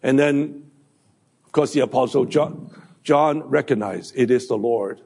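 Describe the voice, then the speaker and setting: A man preaching a sermon, halting with fillers and restarts. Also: medium pitch, creaky, darkish tone, breathy edge. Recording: long hall reverb.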